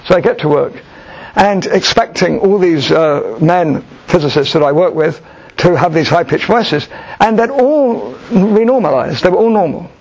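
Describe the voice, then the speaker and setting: A middle-aged man answering an audience question with a personal story, thoughtful and halting, with frequent restarts. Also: high-pitched, animated, husky. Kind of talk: storytelling Q&A talk. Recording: dull lo-fi recording.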